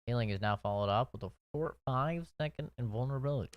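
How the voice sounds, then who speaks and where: A man's voice: medium pitch, fast talker, muffled recording. A young adult man casually commentating a video game, swearing freely and reading on-screen text. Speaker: streamer.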